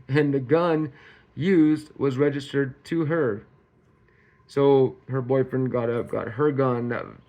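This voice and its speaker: A man with an average-pitched voice hosts a casual true-crime commentary. He reads the facts, then drifts into rambling, sarcastic asides, colloquial phrasing and frequent chuckles. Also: a little mellow. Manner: laughs often, rambling and sarcastic; colloquial, says y'all.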